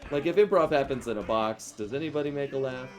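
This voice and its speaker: A man's voice: medium pitch, quick pace, slight background noise. A man streaming a video game in casual chat, joking playfully and laughing often. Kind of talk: casual chat while gaming.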